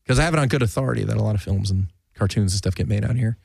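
A man's voice: lowish voice, racing, vocal fry, darkish tone, dry recording. A man hosting a casual interview chat, joking and chatty, with a radio voice. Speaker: podcast host.

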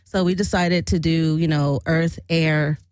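A woman's voice: low voice, fairly even intonation, measured pace, darkish tone, clear, resonant tone, no room sound. A woman chatting casually to her camera about her old band, rambling and frank with swearing and frequent laughter.

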